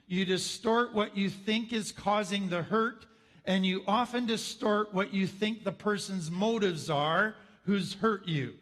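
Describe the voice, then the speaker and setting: Earnest high-voiced man lecturing in a hall. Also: fairly bright tone. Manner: earnest, explanatory, acts out inner thoughts. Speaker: counselor teaching a course. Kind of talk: recorded lecture.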